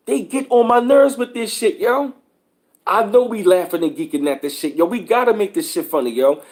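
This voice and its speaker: A man hosting his channel, telling stories in a profane, animated, casual rant with lots of filler. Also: on the high side, a little fast. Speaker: channel host.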